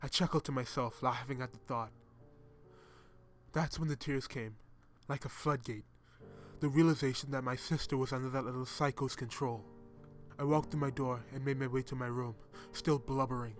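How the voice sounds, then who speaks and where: A man narrating a horror story as a scripted reading, in a steady, dramatic storytelling manner. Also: medium pitch, moderate pace. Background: faint music.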